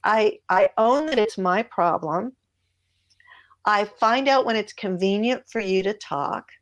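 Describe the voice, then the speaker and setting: Woman, relationship guest, conversational advice, animated, acts out lines. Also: mid-range voice, a little slow. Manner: animated, acts out dialogue in her stories. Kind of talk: advice-giving podcast conversation.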